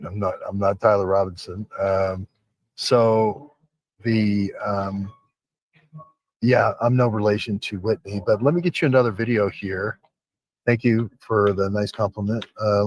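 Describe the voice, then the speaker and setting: A man's voice: fairly low pitch, steady tone, unhurried, dry recording, lo-fi sound. A man giving casual, rambling commentary over video clips as a channel host, posing rhetorical questions.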